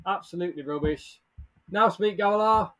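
A man's voice: high voice, moderate pace, sharp tone. A man hosting a casual live stream, upbeat, greeting viewers by name and laughing often. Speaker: livestream host. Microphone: headset or earbuds with desk mic.

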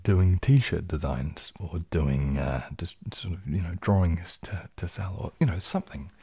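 A man hosting a casual late-night ASMR livestream, chatting softly and reading viewers' questions aloud, rambling in a relaxed way and sometimes dropping into a whisper. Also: deep voice, unhurried, slightly rough. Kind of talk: casual soft-spoken livestream chat.

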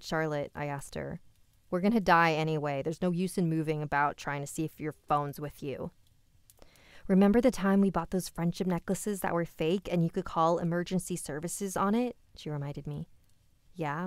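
A woman reading a listener's scary story aloud, with quick asides of her own. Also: low-pitched, smooth, dry recording, clean studio sound.

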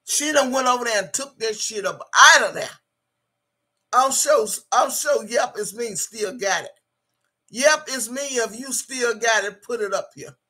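Female streamer: tense, sharp voice with a raspy grain, combative and foul-mouthed, reading chat between jabs. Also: a little high, unhurried. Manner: profane, combative, repetitive; reads out viewer chat. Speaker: livestream host. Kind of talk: angry livestream rant.

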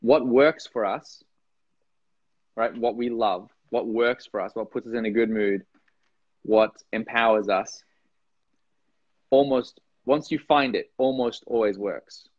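A man from Norway, a guest on a podcast, talks in a loose, animated way. He jumps up into playful voices when he acts things out. The recording is dry and close, with a slightly dull, lo-fi sound. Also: medium pitch, slow pace, long pauses, no room sound. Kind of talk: casual conversation.

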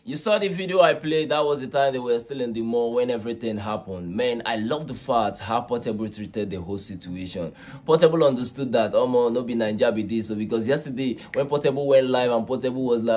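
A man's voice: lowish voice, brisk, a little mellow. A Nigerian man hosting a casual commentary vlog, chatty and slipping into Pidgin as he talks to viewers. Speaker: vlog host.

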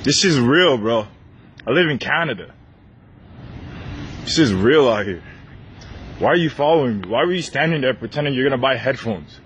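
A man filming on his phone inside a large store, loudly and insistently confronting staff who follow him. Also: medium pitch, expressive, moderate pace, pauses often, a little hiss or hum. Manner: loud, insistent, repeating demands. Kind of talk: heated filmed confrontation. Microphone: handheld phone recording.

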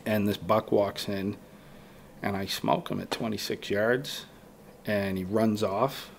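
A man's voice: on the low side, fairly even intonation, slow pace, vocal fry, slight background noise. A man talking as a podcast guest, telling a rambling story and acting out his own past thoughts in quotes. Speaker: guest bowhunter. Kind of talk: casual storytelling in a podcast interview.

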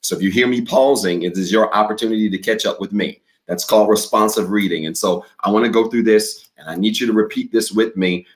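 A man preaching as a pastor, upbeat and direct, reading declarations slowly so listeners can repeat after him. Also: fairly low pitch. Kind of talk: sermon with responsive reading.

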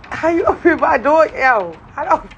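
Young woman, casual phone livestream, high lively voice, overwhelmed and giddy, faint room hiss. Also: normal speed, highs cut off. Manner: giddy and overwhelmed, laughing and exclaiming often. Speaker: livestreamer touring her new home. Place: new house, indoors and out.

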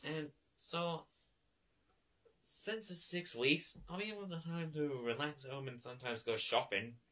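A young man in a casual comedy sketch, giving slow, deadpan answers. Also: fairly high pitch.

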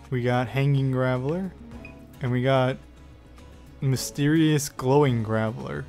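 Man, gaming commentary, excitable, sweary, mid-pitched voice, faint music behind. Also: measured pace, vocal fry, long pauses. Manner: excitable, swears often, taunts the creatures. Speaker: gaming YouTuber. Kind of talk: let's play commentary.

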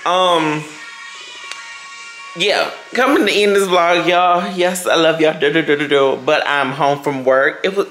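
A man's voice: fairly high pitch, steady tone, unhurried, a bit bright, roomy sound, faint music behind, poor audio. A man chatting casually to his viewers in an upbeat vlog, calling them y'all. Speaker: vlogger.

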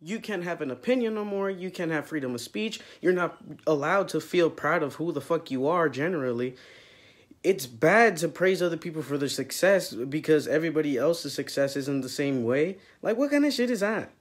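A young man rants straight to camera, loud and heated, swearing constantly. His voice sits a little high for a man. He talks like he is venting to his followers. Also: animated, normal speed. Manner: loud, profane, heated ranting. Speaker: vlog host. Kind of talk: profane rant to camera.

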